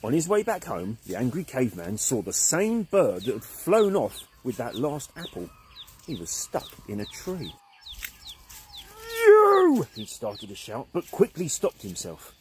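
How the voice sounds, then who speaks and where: A man narrating a children's story in an animated, expressive way. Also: mid-range voice, normal speed, a little hiss or hum.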